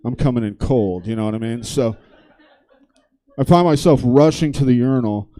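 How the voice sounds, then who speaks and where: A man's voice: mid-range voice, normal speed, dark tone. A man doing stand-up comedy, telling a long story in a loose, conversational, profane way on a theater stage.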